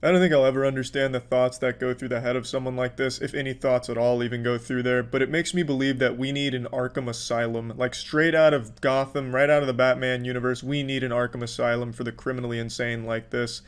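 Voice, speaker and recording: A man's voice: medium pitch, quick pace, few pauses, smooth. Profane sarcastic male commentator. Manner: profane, mocking, deadpan sarcasm. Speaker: commentator reacting to clips.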